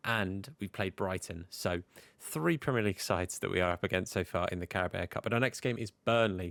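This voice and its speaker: A young man chats through his football game like a match commentator, hiccuping now and then. His voice sits a little low, and the sound is close and dry. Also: fairly quick, gravelly, a bit bright, dry recording. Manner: chatty, commentator-style play-by-play. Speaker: gaming YouTuber.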